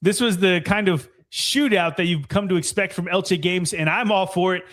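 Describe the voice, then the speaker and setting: A man co-hosting a soccer podcast, reviewing matches in an excitable, casual way and swearing freely. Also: sits high, moderate pace. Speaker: podcast co-host.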